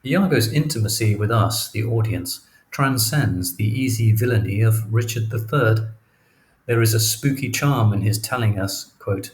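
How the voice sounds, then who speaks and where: A man narrating literary commentary from an audiobook in a measured reading style. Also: on the low side, rough recording. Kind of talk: scripted narration.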